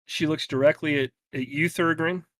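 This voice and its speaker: A man narrating a tabletop game as game master, telling the scene slowly and dramatically. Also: a little high, fairly even intonation, a bit bright, dry recording. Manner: slow, dramatic storytelling.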